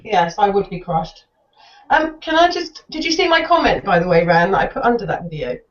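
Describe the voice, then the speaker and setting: A woman's voice: mid-range voice, sing-song, a little fast, highs cut off. A woman in casual group video chat, teasing and sarcastic. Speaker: hangout participant.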